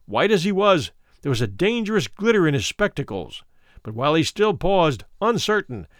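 A man narrating a classic story aloud in a measured, expressive way. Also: on the high side, no room sound, clean studio sound.

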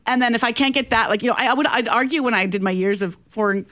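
A woman's voice: on the high side, fast, fairly bright tone. A woman co-hosting a morning radio show, chatty and self-mocking, laughing often. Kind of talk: casual radio banter.

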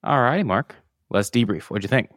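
A man's voice: mid-range voice, lively intonation, fairly quick, a bit bright, no echo, studio quality. A man hosting a podcast, casual and joking in an upbeat way. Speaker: podcast host.

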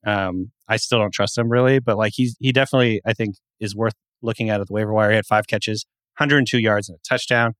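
A man's voice: fairly low pitch, steady tone, quick pace, fairly bright tone, clear, resonant tone, dry recording. A man co-hosting a fantasy football podcast, talking in a rambling way and correcting himself as he goes. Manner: rambling, self-correcting, many fillers. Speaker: podcast co-host. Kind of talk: casual sports podcast chat.

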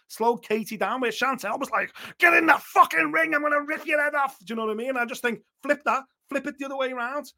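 A man's voice: high-pitched, fairly bright tone. A man giving blunt, opinionated boxing talk on a podcast, swearing freely and acting out what others might say. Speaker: boxing pundit.

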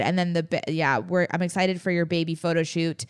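A woman's voice: fairly low pitch, steady tone, fairly quick, clear, resonant tone. A woman co-hosting a podcast, chatty and playful, rambling along with restarts. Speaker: podcast co-host. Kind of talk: casual chat.

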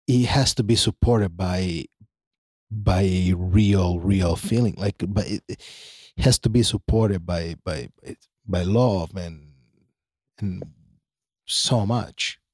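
A man co-hosting a podcast, talking in a halting, soft-spoken way with frequent restarts. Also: low voice, no echo, studio quality. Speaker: podcast co-host. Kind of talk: casual chat.

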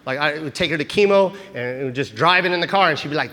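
A male stand-up comedian telling animated, profane stories on stage, recorded live in a large hall. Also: fairly high pitch, fast, hardly any pauses. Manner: animated, profane, act-out storytelling. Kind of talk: stand-up storytelling. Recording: live show in a hall with audience. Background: audience laughter.

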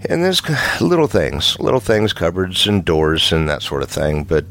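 A middle-aged man with a very low, gravelly voice recounts a ghost story from his own life. He speaks casually and haltingly, restarting phrases and breaking into the odd nervous chuckle. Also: sing-song, a bit bright. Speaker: caller telling his own paranormal story. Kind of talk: casual first-person storytelling.

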